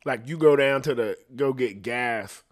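Mid-range in voice and measured in pace, a podcast host delivers a casual solo rant, rambling, profane, and laughing at his own jokes.

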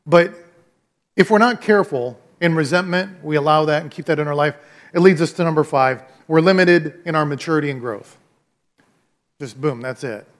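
A man with a notably high-pitched voice delivers a sermon. He speaks in a conversational, emphatic way and comes back to his main phrases again and again. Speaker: pastor.

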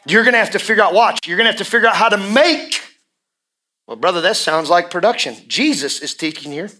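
Bright-voiced impassioned preacher man. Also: high-pitched, expressive. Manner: impassioned, swings from hushed to shouting; drawn-out emphatic repetitions. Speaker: pastor. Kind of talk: sermon.

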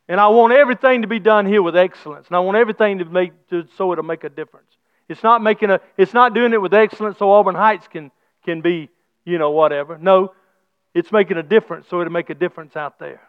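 A middle-aged man preaching a sermon as pastor, his delivery swinging from soft low talk to shouted praise, with folksy church grammar. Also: fast, clear, resonant tone, dry recording. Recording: slightly dull lo-fi sound.

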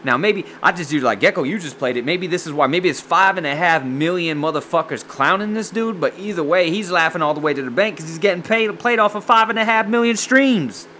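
Cussing hyped-up guy rambling over songs, kinda high voice, bright. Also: brisk, hardly any pauses, slight background noise. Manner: profane, excitable, rambling. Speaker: streamer reacting to music. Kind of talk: casual chat.

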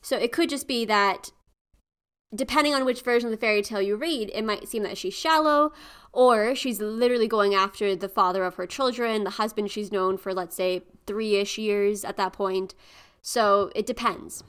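A woman's voice: mid-range voice, moderate pace, a bit bright, clean tone. Thoughtful woman explaining folklore. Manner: informative, thoughtful. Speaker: podcast co-host explaining folklore. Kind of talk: casual explanatory chat.

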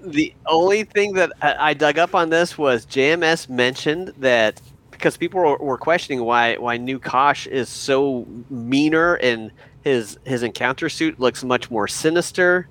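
A man's voice: mid-range voice, a little slow, fairly bright tone. Stammering man co-hosting a chat. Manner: stammering, repeats words while thinking aloud. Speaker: podcast co-host. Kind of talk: casual chat.

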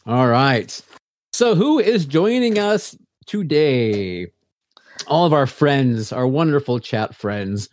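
A man co-hosting a casual podcast from a home basement, relaxed and easygoing, with frequent fillers and laughs. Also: medium pitch, slow pace, no echo. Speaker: podcast co-host. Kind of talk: casual chat.

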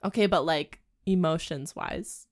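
A woman's voice: sits low, unhurried, no room sound, studio quality. A woman co-hosting a casual chat, reacting with gasps, squeals and dramatic exclamations. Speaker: podcast co-host.

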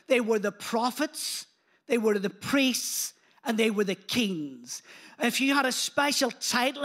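A man preaching a sermon in church, animated and engaging the congregation, retelling scripture in casual speech. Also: very high voice. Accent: non-local accent.

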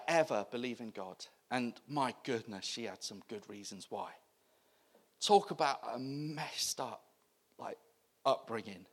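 A man with a British accent preaching a sermon, impassioned, swinging between near-shouts and hushed whispers. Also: a little high.

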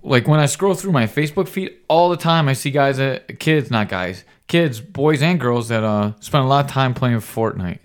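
A man in his forties chats his way through a casual podcast in a voice of middling pitch. He keeps it light and joking, teasing his guest and poking fun at himself. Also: lively intonation, normal speed, few pauses, clear, resonant tone. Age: 40s. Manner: joking, teasing, self-mocking. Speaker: podcast host.

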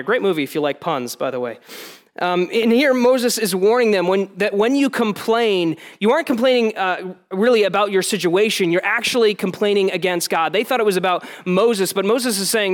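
A man preaching a sermon in a plain, conversational way, with relatable asides to the congregation. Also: high voice. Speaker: pastor.

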